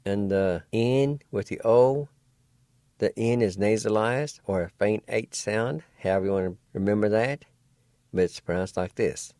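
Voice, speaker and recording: A man giving a radio language lesson, spelling words and slowly sounding out each syllable in a patient, encouraging way. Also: on the low side, mellow, no echo, studio quality. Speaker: language teacher.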